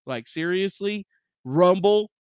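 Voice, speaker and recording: A man's voice: high-pitched, expressive, slow pace, smooth, dry recording, studio quality. Exasperated profane male streamer. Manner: exasperated, profane, talks to his software. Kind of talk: casual livestream rant. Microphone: desk microphone with noise gate.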